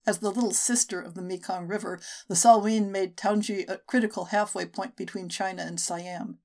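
A woman's voice: mid-range voice, fairly even intonation, moderate pace, darkish tone. Woman narrating a short story. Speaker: podcast narrator. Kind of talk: audiobook narration.

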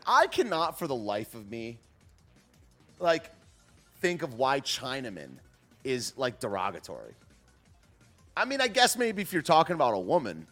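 A man's voice: fairly high pitch, a bit bright. A young man hosting a livestream, chatting casually about the news, joking and laughing often in slangy talk. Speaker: livestream host.

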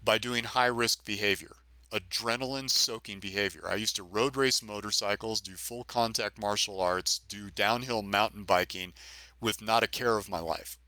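A man's voice: on the low side, moderate pace, pushed and bright, no room sound. A middle-aged man, a retired police officer, recounting his own experience as a podcast guest in earnest, vivid storytelling with emphatic repetition. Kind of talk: personal story in a podcast interview.

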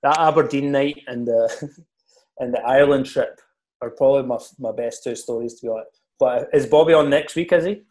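A Scottish man, a former footballer, chatting casually and telling animated stories with laughs. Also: mid-range voice, normal speed. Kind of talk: casual podcast chat.

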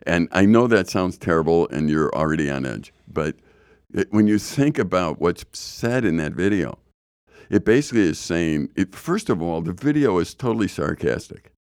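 A man's voice: low-pitched, expressive, normal speed, darkish tone, clean tone, no room sound, clean studio sound. A middle-aged man co-hosting a casual podcast discussion, blunt and opinionated, with frequent stammered restarts. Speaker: podcast co-host.

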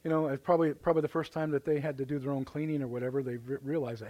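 A man's voice: mid-range voice, steady tone, racing, a little mellow. A man with a Midwestern American accent, preaching a live sermon as pastor in folksy storytelling, acting out voices and exclamations. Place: church sanctuary, live service.

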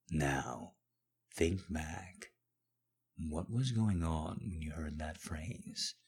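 A man narrating a story in the first person with a very deep, husky voice. He takes his time with each line, unhurried and commanding, and keeps a low, steady delivery. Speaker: audiobook narrator.

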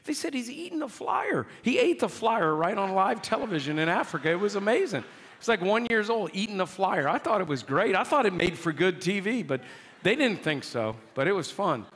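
A man preaching a sermon as a pastor, telling a story in an animated, exclaiming, dramatic way. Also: high voice, a little fast, slightly rough. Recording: long hall reverb.

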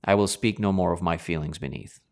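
Gravelly low-voiced male preacher. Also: a little fast, darkish tone. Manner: dramatic, colloquial preaching with rhetorical questions. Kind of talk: sermon.

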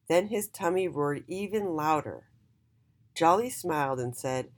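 A woman reading a children's storybook aloud in an expressive, sing-song way. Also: extremely low pitch, a little slow.

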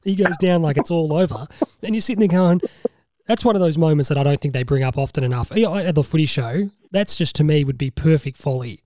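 A man's voice: a little high, fast, mellow, dry recording. An Australian man hosting a podcast over a video call, talking casually and animatedly, laughing often and swearing now and then. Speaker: podcast host. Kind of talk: casual chat.

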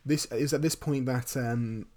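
A man's voice: medium pitch, steady tone, measured pace, dark tone. Wry man recapping a film. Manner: wry, joking asides. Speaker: podcast co-host.

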